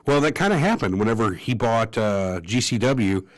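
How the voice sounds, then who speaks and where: A man co-hosting a wrestling podcast, telling stories briskly with blunt, crude jokes. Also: fairly low pitch, expressive. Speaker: podcast co-host. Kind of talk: casual wrestling podcast chat.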